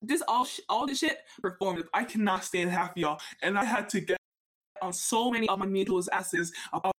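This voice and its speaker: A woman co-hosting a casual podcast, talking in a heated, emphatic rant full of profanity. Her pitch sits in the middle for a woman. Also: a little fast. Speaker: podcast co-host.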